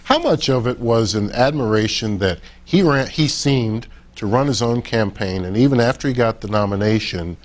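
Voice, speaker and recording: A man's voice: mid-range voice, expressive, normal speed, hardly any pauses. Man moderating a student Q&A. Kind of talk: hosting an audience Q&A.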